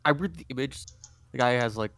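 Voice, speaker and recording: A man's voice: medium pitch, fairly quick, fairly bright tone. A man playing a tabletop game, chatting casually and hesitantly, with frequent restarts. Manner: hesitant, restarts, laughs a lot. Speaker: player.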